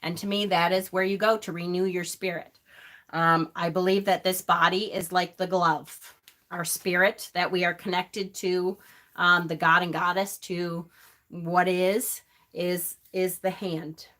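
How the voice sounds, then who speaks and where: A woman's voice: lowish voice, level tone, measured pace, fairly bright tone. A middle-aged woman hosting a live stream, chatting casually and answering viewers' comments by name. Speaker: host of a pagan live stream.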